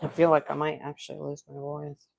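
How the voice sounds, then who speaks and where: A young woman hosting a casual livestream, her voice congested from a cold and a little gravelly at the edges. She chats easily and greets viewers by name. The sound is dry and close, with no room around it. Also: deep voice, level tone, brisk, darkish tone, no room sound. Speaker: livestream host doing nail art.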